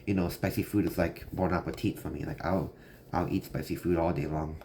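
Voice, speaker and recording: A young man with a very low voice tells a story in a loose, rambling way, packing it with fillers. It sounds like a casual vlog monologue, with faint noise in the background. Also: fairly even intonation, a little fast, vocal fry, dark tone. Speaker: vlogger.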